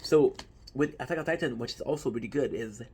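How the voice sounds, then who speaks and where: A man's voice: medium pitch, brisk, darkish tone, slight background noise. A man chatting casually and emphatically to viewers, often throwing in rhetorical questions. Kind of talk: casual anime talk to viewers.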